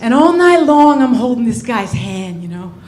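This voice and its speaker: A young woman doing a stand-up comedy set on a club stage, telling stories in a brash, swearing, animated way. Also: a little high, normal speed, echoey room.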